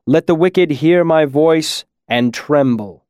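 A god in a young man's body proclaims himself in slow, weighty words, voiced by a man. The voice is powerful and deep, each phrase measured and solemn. Close, dry recording. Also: darkish tone, clear, resonant tone, dry recording. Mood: proclaiming. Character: divine male lord in a young man's body, commanding.

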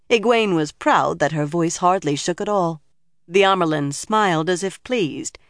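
A man's voice: a little high, clean tone, dry recording, clean studio sound. Man narrating a fantasy audiobook. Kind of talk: scripted narration.

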